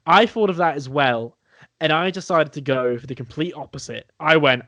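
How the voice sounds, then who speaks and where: A man's voice: fairly high pitch, moderate pace, fairly bright tone, dry recording. Enthusiastic young man chatting. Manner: enthusiastic, restarts and swears while enthusing. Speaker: podcast co-host. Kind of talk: casual chat over beers.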